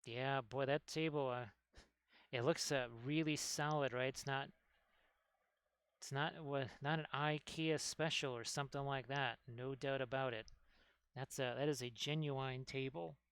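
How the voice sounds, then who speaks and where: A man's voice: medium pitch, fairly even intonation, unhurried, fairly bright tone, clear, resonant tone, dry recording. A man hosting a casual miniature painting stream, rambling as he works and chatting with viewers. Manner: rambling, talks while working, chats with viewers. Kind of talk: casual painting tutorial chat.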